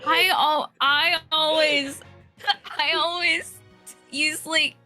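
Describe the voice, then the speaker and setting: Bright, high-voiced woman co-host. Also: fairly even intonation. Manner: laughing, halting banter. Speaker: stream co-host. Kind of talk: casual chat on a game stream. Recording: music playing behind.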